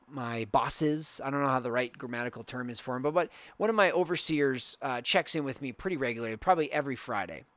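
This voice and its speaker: A man's voice: mid-range voice, fairly bright tone, no echo. Earnest rambling male podcast host. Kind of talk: reflective monologue.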